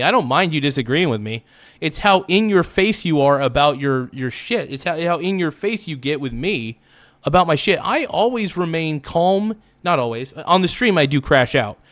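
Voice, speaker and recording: Fired-up ranting man, fairly high voice. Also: fairly bright tone. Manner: heated, repetitive, swearing rant; halting restarts and self-corrections. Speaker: livestream host. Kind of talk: livestream monologue.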